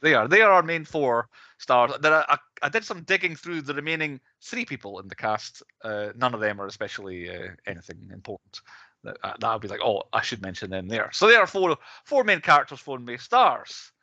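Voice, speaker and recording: A man's voice: medium pitch, animated, a little fast, pushed and bright, no room sound, lo-fi sound. A man in his late thirties co-hosting a casual film podcast, running through facts with hedging asides and chuckles. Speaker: podcast co-host presenting the film's cast.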